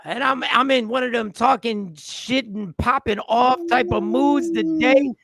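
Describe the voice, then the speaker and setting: A man's voice: extremely high pitch, a little slow, vocal fry, fairly bright tone, no room sound. A man hosting a live talk show, ranting in a fired-up, preachy way. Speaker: show host.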